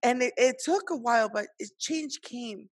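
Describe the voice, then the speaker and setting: A woman's voice: a little high, normal speed, dry recording. A woman hosting a faith-based conversation, speaking in an encouraging, earnest way with many restarts.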